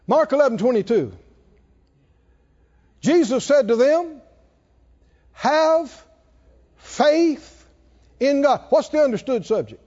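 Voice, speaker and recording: A man's voice: very high voice, animated, takes it slowly, long pauses, warm tone. A man preaching a sermon emphatically, repeating and stressing words, his voice rising and dropping sharply. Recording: dull lo-fi recording in a reverberant hall.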